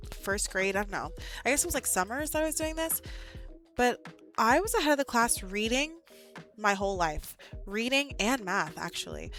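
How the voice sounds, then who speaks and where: A young woman, an art teacher, chatting casually on a livestream in an animated, exasperated way. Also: mid-range voice. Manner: animated, exasperated ranting with laughs.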